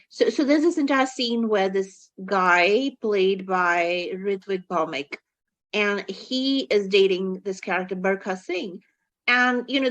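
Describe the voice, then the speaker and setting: A woman's voice: medium pitch, fairly bright tone. Emphatic woman reviewing a film. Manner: emphatic and exasperated, frequent stumbles and restarts. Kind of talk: casual film review chat.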